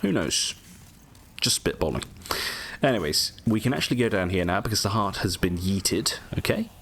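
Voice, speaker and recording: A man's voice: low voice, very animated, moderate pace, a bit bright, a little hiss or hum. A man giving casual, rambling gameplay commentary full of jokey asides.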